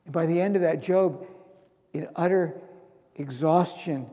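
A man preaching a sermon, who reads scripture aloud and rises to loud, emotional bursts. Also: on the high side, a little slow, in a large hall.

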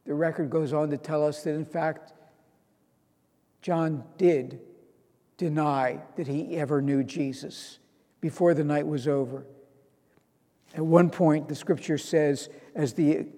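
A man's voice: fairly high pitch, steady tone, slow pace, pauses often, warm tone, big-room sound. A man preaching a sermon, earnest, reading out scripture and stressing key lines. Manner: earnest, quoting scripture with rising emphasis.

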